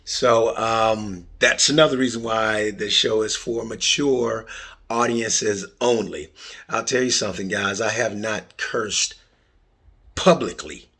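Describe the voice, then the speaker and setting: Middle-aged male podcast host, low husky voice, animated storytelling with loud bursts and hushed asides. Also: takes it slowly. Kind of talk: casual solo podcast intro.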